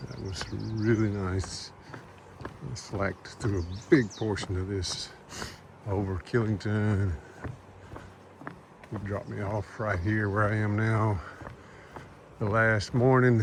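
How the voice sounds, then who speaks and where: A man's voice: lowish voice, creaky, background noise. A man from the American South, narrating a casual hiking vlog outdoors as he walks, rambling and chuckling to himself. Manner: rambling, chuckling, talks to himself while walking. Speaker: thru-hiker vlogger. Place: outdoors on a mountain hiking trail.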